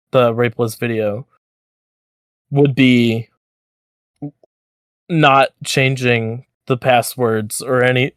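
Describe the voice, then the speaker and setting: A man co-hosting a podcast in casual chat, animated and swearing freely, often repeating words as he thinks. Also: medium pitch, no echo. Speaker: podcast co-host.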